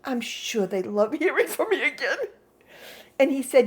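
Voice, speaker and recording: A woman's voice: medium pitch, moderate pace. A woman, telling a story casually at home and laughing often. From New England. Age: 60s. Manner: excitable, laughs often, exasperated humor. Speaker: vlogger.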